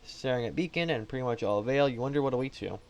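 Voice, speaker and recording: A man's voice: mid-range voice, fast. A man playing through a visual novel, reading the text aloud and adding casual, jokey asides, often tripping over his words. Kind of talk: game playthrough, reading and commenting.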